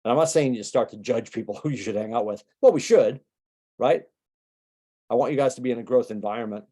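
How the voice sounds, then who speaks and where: A male business coach gives a motivational training talk in a relaxed, mellow voice. He talks casually and keeps firing rhetorical questions at his listeners. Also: mid-range voice. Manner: conversational, rapid-fire rhetorical questions.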